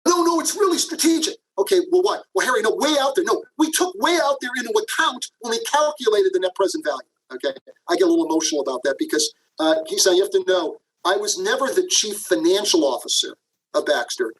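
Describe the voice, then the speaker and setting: High-voiced animated man telling stories. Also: fast, husky, poor audio. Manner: animated, acts out quotes, frequent "okay?" asides. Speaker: guest, leadership professor. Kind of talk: podcast interview, storytelling.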